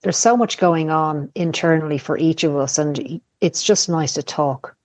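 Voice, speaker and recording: A woman speaking as a podcast guest in casual chat, candid and searching for words, pausing and restarting. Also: deep voice, darkish tone, no room sound.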